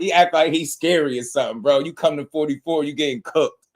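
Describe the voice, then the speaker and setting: A man's voice: on the high side, brisk. Hyped man on a boxing livestream. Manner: animated, laughing, swings from shouting to muttering. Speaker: boxing podcast host. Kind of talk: excited livestream boxing talk.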